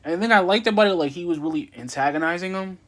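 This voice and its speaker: Rambling young man, fairly high voice. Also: rapid-fire. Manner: rambling, many fillers and restarts. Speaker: wrestling show reviewer. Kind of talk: casual rambling recap.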